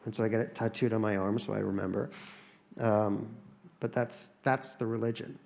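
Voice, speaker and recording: An American author appears as a guest in a live on-stage conversation, telling wry comic stories and frequently restarting his sentences. His voice is lowish and a little mellow, level in tone, at normal speed, with vocal fry.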